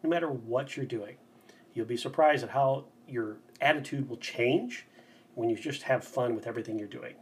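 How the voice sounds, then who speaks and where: A man's voice: medium pitch, moderate pace, breathy edge. A man who guides bike tours, talking as a guest on a casual podcast in an upbeat, enthusiastic, motivational way.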